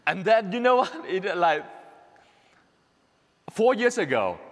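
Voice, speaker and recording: Vietnamese-accented priest giving a lively homily. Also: male voice, sits high, slow pace. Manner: earnest, repetitive, laughing at himself. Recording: long reverb of a church hall.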